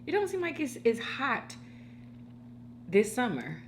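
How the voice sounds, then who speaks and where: A woman's voice: fairly high pitch, a little slow, background noise. A woman hosting a mukbang at home, chatting casually and talking straight to her viewers. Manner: chatty, animated, addresses viewers directly. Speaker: mukbang host. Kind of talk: casual chat while eating.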